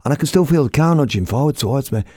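A middle-aged man telling a story in a lively, blunt, self-mocking way, as a radio presenter. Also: mid-range voice, rapid-fire, husky, no room sound, studio quality. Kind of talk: casual anecdotal storytelling.

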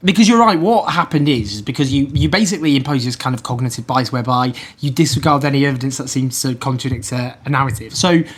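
A man from Manchester with a Mancunian accent, telling campaign stories quickly and animatedly in a casual political chat. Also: mid-range voice, breathy edge. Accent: Mancunian English. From Manchester, England. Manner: rapid, animated storytelling with restarts and quoted voices.

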